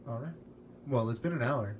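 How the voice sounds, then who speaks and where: A man's voice: medium pitch, normal speed, a little hiss or hum. A man hosting a podcast in a laid-back casual chat, laughing often. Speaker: podcast host.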